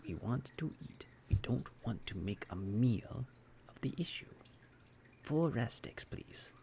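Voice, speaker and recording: A man's voice: mid-range voice, expressive, takes it slowly, vocal fry, mellow, whispered, voice pushed up. A man voicing a brash, impatient adventurer who talks bluntly and pushily.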